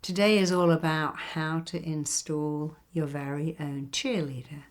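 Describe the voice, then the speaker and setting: A woman's voice: low voice, steady tone, measured pace. An older woman from England, a therapist giving a guided self-help talk who acts out the voices of critics and cheerleaders.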